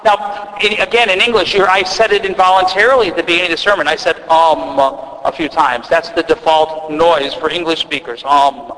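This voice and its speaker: A man's voice: high voice, steady tone, brisk, bright, forceful tone, long reverb tail, rough recording. A man with an Upper Midwest accent preaching a sermon as a priest, in a conversational way with restarts and asides. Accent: Upper Midwest American. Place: church.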